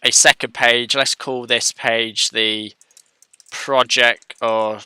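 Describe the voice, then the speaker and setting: Male tutorial host, casual and self-correcting, dry close-mic sound, clear tone. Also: mid-range voice, fairly even intonation, takes it slowly, bright, forceful tone, no room sound. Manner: thinks aloud, self-correcting, chatty. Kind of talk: casual screen-share coding tutorial.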